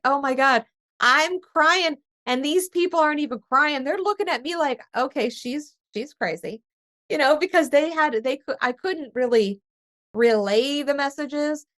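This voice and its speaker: A woman speaking as a spiritual medium in a casual conversation, telling lively stories and laughing often. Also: mid-range voice. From East Tennessee. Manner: animated storytelling with laughter, acts out her own past voice.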